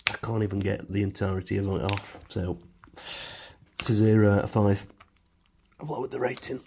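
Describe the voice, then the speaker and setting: A man's voice: on the low side, steady tone, normal speed, a little mellow, slight background noise. A man casually reviewing supermarket food in his home kitchen, rambling with many fillers and wry asides.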